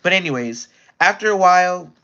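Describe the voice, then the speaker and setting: A young man chats on a livestream with a bright, forceful voice that sits a little high. He tells his story in an animated, exasperated way, his pitch jumping up often. The audio is dull and lo-fi. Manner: animated, exasperated retelling with quick pitch jumps. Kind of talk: casual storytelling chat.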